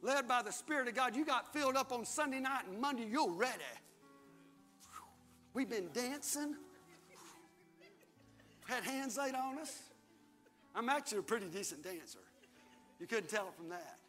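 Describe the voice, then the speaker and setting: A man's voice: very high-pitched, animated, moderate pace, long pauses, bright, forceful tone. An older man preaching a sermon in a large church hall, reading scripture aloud and leading the congregation in call-and-response. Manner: preaching, reads scripture aloud and has the crowd repeat after him. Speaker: pastor. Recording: long hall reverb, faint music.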